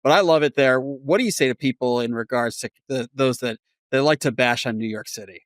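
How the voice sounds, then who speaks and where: A man hosts a casual podcast interview, putting his questions in a friendly, relaxed manner. His voice is medium in pitch and fairly quick, recorded with studio quality and no room sound.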